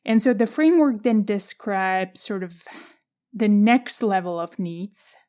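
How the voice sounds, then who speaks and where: A woman with a Czech accent hosting a solo podcast, talking through her thoughts in a measured, reflective way. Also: mid-range voice, expressive, mellow. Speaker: podcast host.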